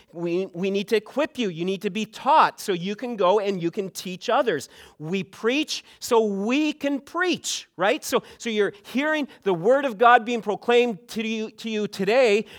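A middle-aged male pastor from Canada delivers a sermon in a fairly high voice. He is earnest and often repeats his first words before a sentence gets going. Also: a bit bright.

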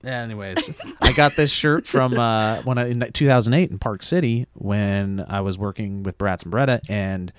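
A man co-hosting a podcast, telling a story with dry, quick jokes. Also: fairly low pitch, clear, resonant tone, no room sound. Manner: dry joking, quick quips. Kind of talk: casual chat, storytelling.

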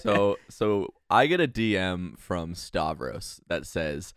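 A man's voice: deep voice, takes it slowly, clear, resonant tone, no room sound, studio quality. A man co-hosting a podcast, telling a long story in casual chat and acting out what people said. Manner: animated storyteller, acts out quoted dialogue. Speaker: podcast co-host.

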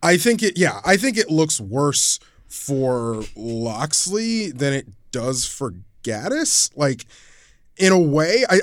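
A man's voice: a little high, no room sound, clean studio sound. A man co-hosting a casual sports talk show, often restarting sentences as he recounts what coaches said. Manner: hesitant restarts, recounting quotes. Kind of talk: casual sports podcast debate.

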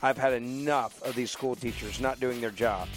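A man's voice: medium pitch, steady tone, moderate pace, over music. A man hosting a talk radio show, speaking in an emphatic, mocking, repetitive way into a studio microphone.

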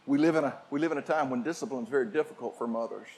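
An older man preaching a sermon, telling family stories and shifting from shouts to quiet asides. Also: mid-range voice, racing. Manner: storytelling preacher, swings from shouting to hushed. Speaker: pastor.

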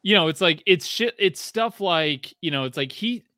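A man in his thirties co-hosting a casual sports podcast, telling stories with lots of swearing and climbing pitch when he gets excited. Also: moderate pace, no room sound, studio quality. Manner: animated storyteller, swears freely, rising pitch when excited. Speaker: podcast co-host.

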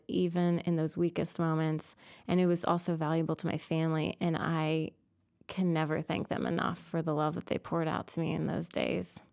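A woman's voice: on the low side, clear, resonant tone. A young woman telling an emotional personal faith story as an interview guest. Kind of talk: testimony interview.

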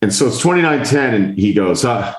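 A man's voice: mid-range voice, a little fast, echoey room. A man hosting a podcast, telling a long story in casual chat, acting out the people in it and swearing freely. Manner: animated, mimics others in quotes, swears. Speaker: podcast host.

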